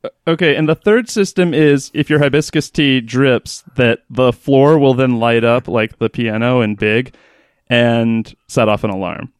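A man's voice: mid-range voice, measured pace, clear, resonant tone, dry recording, clean studio sound. A man co-hosting a casual podcast, skeptical and questioning. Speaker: podcast co-host. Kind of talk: casual chat.

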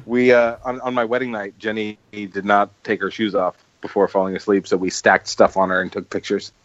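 A man's voice: fairly low pitch, level tone, a little fast, dry recording, highs cut off. A man co-hosting a podcast, telling stories animatedly with lots of "like" and acted-out quotes. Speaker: podcast co-host. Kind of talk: casual chat.

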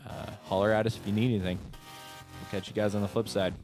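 A man's voice: fairly low pitch, level tone, fast, a little mellow, faint music behind. A man co-hosting a church podcast in casual chat, joking and sarcastic. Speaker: podcast co-host.

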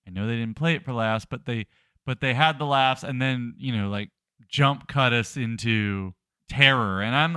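A man's voice: mid-range voice, bright, forceful tone, smooth, dry recording, clean studio sound. Wry, rambling young man. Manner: wry, rambling, playfully indignant. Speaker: podcast co-host. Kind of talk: casual chat.

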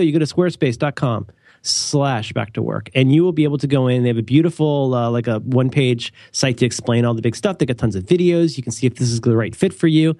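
A man's voice: fast talker, no echo. Middle-aged guy rambling thru an ad read, jokey, voice jumps way up sometimes, dry close mic. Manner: animated, rambling, jokey, with sudden high leaps. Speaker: podcast co-host reading an ad. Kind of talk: casual podcast chat.

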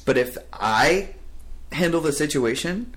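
A young man hosting a podcast, telling stories in a casual, animated way and laughing often. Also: fairly high pitch, measured pace. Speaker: podcast host. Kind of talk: casual chat.

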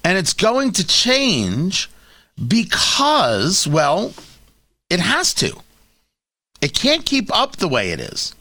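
A middle-aged man hosting a radio talk show, giving opinionated commentary with sarcasm and quick asides. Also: high-pitched, dry recording. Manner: sarcastic, animated, quick asides and mock voices. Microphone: studio microphone.

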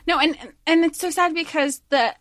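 High-voiced woman chatting about a book. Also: moderate pace, dry recording, clean studio sound. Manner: animated, acts out characters' lines with laughter. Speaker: podcast co-host. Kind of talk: casual book discussion.

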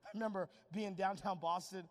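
A man preaching an energetic, humorous sermon, shouting for emphasis and joking with the crowd. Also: sits high, brisk, long reverb tail.

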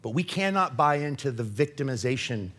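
A man giving an impassioned faith talk as a Christian author, earnest and confessional, swinging between urgent and hushed. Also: mid-range voice, animated, fairly quick.

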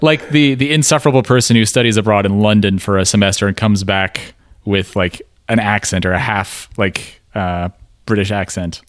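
A man co-hosting a podcast in casual chat, halting and restarting often, chuckling as he talks. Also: lowish voice, no room sound, studio quality. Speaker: podcast co-host.

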